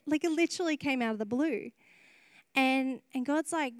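An earnest woman preaching a heartfelt sermon, her voice sitting a little high. She talks openly and emotionally, often breaking into laughter between phrases. The sound is dry and close, with little room echo. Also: a little fast, a little mellow. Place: church service.

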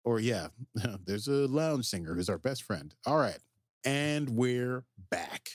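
A man with a fairly low voice talks through a TV episode in relaxed podcast chat, getting excited and jumping high when the plot turns. The sound is dry and close, with no room around him. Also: moderate pace, husky, no echo. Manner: animated, jumps into quoted character voices. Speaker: podcast co-host. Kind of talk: casual recap chat.

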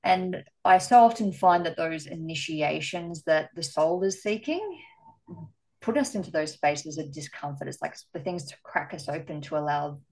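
A woman's voice: low voice, poor audio. A woman hosting a podcast interview, speaking in an effusive, spiritual way. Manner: warm, effusive, spiritual phrasing. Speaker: podcast host. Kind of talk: interview conversation.

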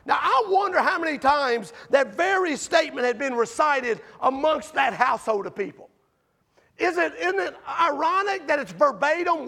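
A man preaching a sermon with a very high, gravelly voice. He talks conversationally and keeps asking his congregation questions. He builds to shouts and then sinks to quiet, hushed stretches. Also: normal speed. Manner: animated, shouting peaks then dropping low and quiet. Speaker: pastor.

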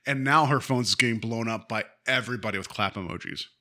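Podcast guy w/ a sharp bright voice, laughs a lot, casual recap over a call. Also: mid-range voice, a little fast. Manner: chatty, laughs often, acts out quotes. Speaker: podcast co-host. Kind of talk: casual chat recapping a TV episode. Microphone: video call.

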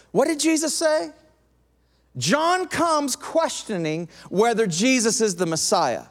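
Preacher guy, high voice, big echoey hall, gets animated then goes quiet and intense. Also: slow. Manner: animated, acts out quoted voices, drops to soft intense tone. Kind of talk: sermon.

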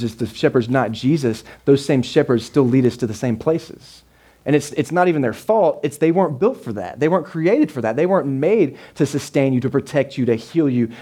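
A man's voice: medium pitch, warm tone, breathy edge. A man preaching a sermon to a live congregation, talking casually, repeating words and often asking "right?". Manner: conversational, repeats words, keeps checking in with the congregation. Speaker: pastor. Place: church service with a live congregation.

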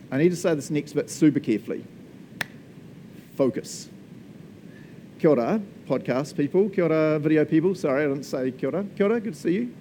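Chatty New Zealand preacher, mellow voice. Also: male voice, fairly high pitch, vocal fry, slight background noise. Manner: chatty, jokey, laughs often, says "eh" and "man". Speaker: pastor. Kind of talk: conversational sermon.

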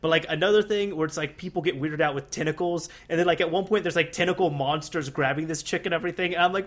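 Animated rambling young man. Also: a little high, fast, few pauses. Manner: rambling, animated, many restarts and fillers. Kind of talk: casual chat.

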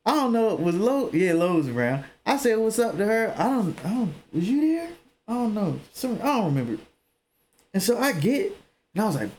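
A young man speaking tells a story in a casual podcast chat. His voice swoops widely and jumps up into loud, high exclamations. A faint hiss of noise sits under the recording. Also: very animated, a little fast. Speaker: podcast co-host.

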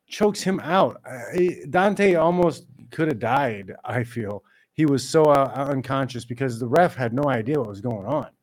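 Ranting man mocking MMA critics. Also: a little mellow. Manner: exasperated, mocking, mimics critics in a high whiny voice. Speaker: MMA commentator. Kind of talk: ranting video commentary.

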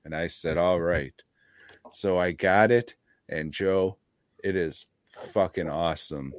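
A man with a very low voice, co-hosting a podcast in loose, rambling chat full of swearing. He talks slowly and easily. The sound is close and dry, with no room in it. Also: dry recording. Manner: profane, rambling, laid-back. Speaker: podcast co-host. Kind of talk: casual chat.

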